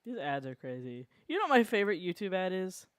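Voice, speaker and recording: A streamer chatting casually while drawing, telling animated stories and laughing often. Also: mid-range voice, fast, smooth, dry recording, clean studio sound.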